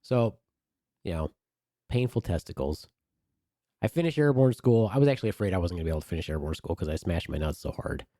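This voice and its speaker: Male podcast co-host, animated storyteller, crude humor, deep-ish and warm. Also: fast, no echo, clean studio sound. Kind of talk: casual storytelling.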